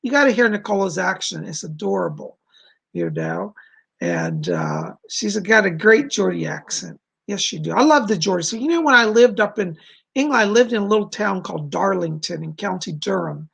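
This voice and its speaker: A man's voice: high voice, very animated, normal speed, vocal fry, a bit bright, breathy edge. An American man hosting a live stream as a psychic, chatting casually and gushing over his viewers. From United States. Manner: effusive, gushing. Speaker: psychic host.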